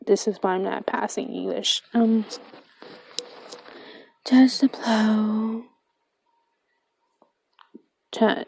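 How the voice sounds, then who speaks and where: Slow, soft-spoken young woman gamer. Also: medium pitch, steady tone, vocal fry, husky, dry recording. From Minnesota, USA. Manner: soft-spoken, often drops to a whisper, reads game text aloud. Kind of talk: casual gameplay commentary.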